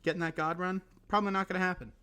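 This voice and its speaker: Hoarse young man rambling solo. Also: sits high, fairly even intonation, rapid-fire, sharp tone. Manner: rambling, self-deprecating, full of fillers and restarts. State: hoarse, recovering voice. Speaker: podcast host. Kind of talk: casual solo podcast chat.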